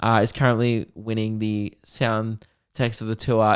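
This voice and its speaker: A man's voice: lowish voice, little pitch movement, unhurried, clean tone. Young Australian man, podcast host, casual storytelling, frequent laughs. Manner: rambling, laughs often, quotes people in put-on voices. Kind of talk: casual chat.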